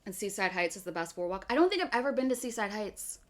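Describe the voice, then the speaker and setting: Philly-accent woman streamer just chatting with chat, animated, laughs a lot, keeps saying okay. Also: medium pitch, fast talker. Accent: Philadelphia area. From US East Coast, outside Philadelphia. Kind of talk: casual chat with stream viewers.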